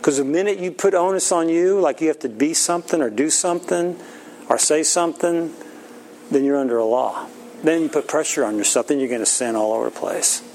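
Brief: middle-aged male pastor, folksy informal sermon, gravelly voice. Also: on the high side, brisk, a little mellow, a little hiss or hum, low-quality recording. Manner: folksy, plain-spoken, laughs often.

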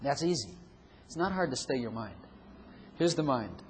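A man's voice: mid-range voice, sing-song, moderate pace. A man preaching a sermon who acts out inner voices and chuckles often. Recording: long hall reverb, faint room noise.

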